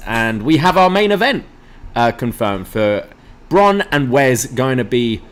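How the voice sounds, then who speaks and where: A man's voice: medium pitch, big pitch swings, unhurried, clear, resonant tone. A man co-hosting a wrestling review podcast, recapping the show and putting on the wrestlers' lines. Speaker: co-host.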